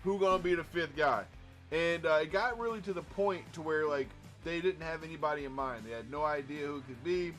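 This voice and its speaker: A podcast co-host with a fairly high voice tells a story in a loose, profane, animated way. He acts out what people said as he goes. A clear music bed runs behind him. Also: brisk. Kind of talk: casual storytelling chat.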